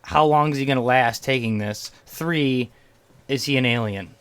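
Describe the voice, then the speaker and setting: A man's voice: mid-range voice, normal speed, clean tone. A man hosting a casual podcast, joking and rambling while reading out news headlines. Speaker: podcast host. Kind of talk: casual chat.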